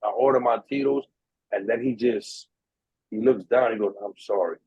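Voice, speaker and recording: A husky New York guy co-hosts a podcast and tells a story at normal speed in a mid-range voice. He animatedly acts out quoted voices and swears freely; the sound is tinny, dry and narrow-band, with no room sound.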